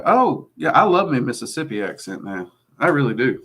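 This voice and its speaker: A man's voice: mid-range voice, sing-song, moderate pace, fairly bright tone. A man with a mixed Kentucky and Louisiana Southern accent, hosting a casual livestream and answering chat in a rambling, hesitant way. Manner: rambling, hesitant with many ums, friendly asides. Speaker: host answering live chat.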